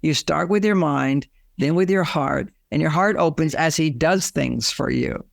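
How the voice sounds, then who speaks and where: Older man, gravelly, dry close sound, animated storyteller, interview guest. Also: fairly high pitch, a little slow, no room sound. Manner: animated storyteller, acts out both sides of his anecdotes. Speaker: relationship author and guest.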